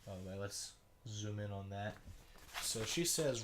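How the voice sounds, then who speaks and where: Young male vlogger, stuffy runny nose, loose halting delivery with many fillers. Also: lowish voice, slight background noise. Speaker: video blogger. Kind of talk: casual commentary reading a sibling's schoolwork.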